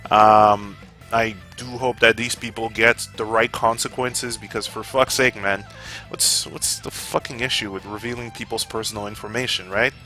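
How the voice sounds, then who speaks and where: A man vlogging about gaming in a heated, profane rant that flares up, then calms into casual sign-offs. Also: medium pitch. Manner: heated, profane, gets fired up. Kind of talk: opinion rant to camera.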